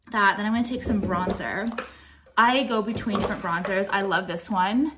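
A beauty vlogger in her late thirties chats through her makeup routine, rambling, blunt and foul-mouthed, and a little out of breath. Her voice is an ordinary mid-pitch for a woman, somewhat bright, with a faint hiss or hum in the background.

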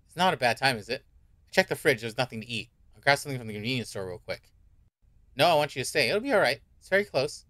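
A man's voice: medium pitch, big pitch swings, fast talker, fairly bright tone, no room sound. A man streaming a horror game in casual commentary, reacting jumpily and swearing often. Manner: jumpy, reactive and profane, with repeated worried remarks.

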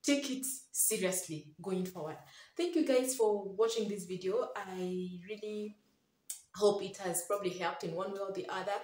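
A woman's voice: mid-range voice, normal speed, darkish tone, distant mic. Emphatic mother giving parenting advice, echoey room. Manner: emphatic, repeats key phrases, pleading. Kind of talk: earnest advice to camera.

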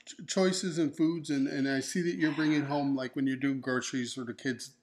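A man co-hosting a couple's keto vlog chats casually while nursing a broken ankle, joking and rambling. His medium-pitched, darkish voice is steady at a normal speed, with slight background noise.

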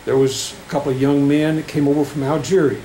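A middle-aged man preaching a sermon in a church, reading scripture with rising emphasis and halting restarts. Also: fairly high pitch, level tone, dark tone. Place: church sanctuary. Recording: echoey church room with faint air conditioning hum.

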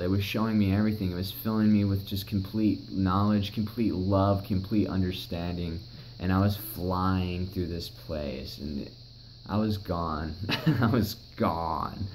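Deep-voiced young man telling a story. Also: a little hiss or hum, rough recording. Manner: emotional, rambling, heavy swearing. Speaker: vlogger. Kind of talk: personal storytelling.

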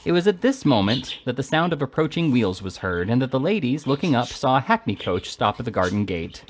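Expressive man reading a classic novel. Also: mid-range voice, brisk, slight background noise. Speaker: reader.

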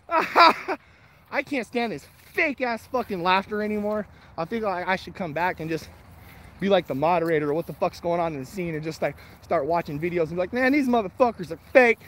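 A man's voice: sits high, a bit bright. A man chatting casually and bluntly on a morning walk with his dogs, swearing freely and laughing as he reads and answers comments. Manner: profane, blunt, laid-back, laughs often. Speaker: vlogger reading live chat. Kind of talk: casual rambling chat on a walk.

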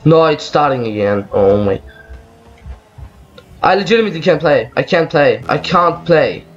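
A man's voice: fairly high pitch, expressive, normal speed, dull audio. A man giving angry gameplay commentary, swearing and ranting about lag as he plays. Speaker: gaming video creator.

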